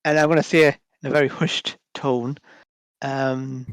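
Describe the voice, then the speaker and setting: A man's voice: mid-range voice, steady tone, unhurried, crowd noise. A man playing a tabletop role-playing game, speaking playfully and hesitantly with many uhs. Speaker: player. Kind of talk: casual tabletop role-play.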